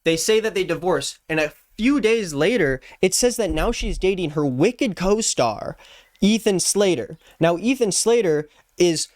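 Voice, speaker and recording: A man's voice: high-pitched, animated, a little slow, no room sound, clean studio sound. A man in his twenties giving playful, jokey casual commentary as a YouTube host. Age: 20s. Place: Los Angeles.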